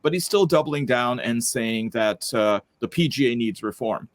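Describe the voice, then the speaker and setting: A man's voice: medium pitch, animated, moderate pace. A man hosting a panel discussion over a video call, wry and joking as he runs through the news. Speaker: host.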